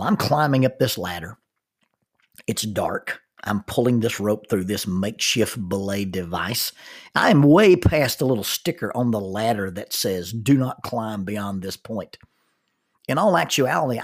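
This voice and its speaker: A man with a somewhat husky, mid-range voice tells a long personal story. He is folksy and self-mocking, and he speeds up and slows down for effect. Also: medium pitch.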